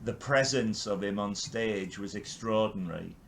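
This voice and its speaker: There's vocal fry in this older English man's lowish voice as he talks at normal speed. Hosting a relaxed podcast interview, he chats keenly and keeps backing up to restart his lines.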